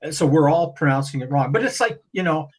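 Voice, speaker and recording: A man talking as a guest on a podcast, animated and rambling, often restarting his sentences. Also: fairly high pitch, fast, low-quality recording. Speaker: guest breeder. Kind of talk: casual podcast conversation.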